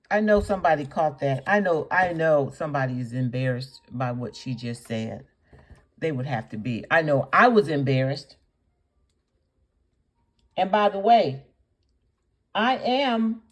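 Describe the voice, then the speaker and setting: A woman hosting a reaction video, scolding indignantly, piling up rhetorical questions and repeating her points for emphasis. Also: on the low side. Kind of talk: reaction commentary.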